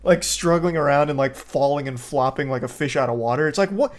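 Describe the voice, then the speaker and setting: An online movie reviewer rants casually in a somewhat high, brisk voice. His style is sarcastic, exasperated and profane.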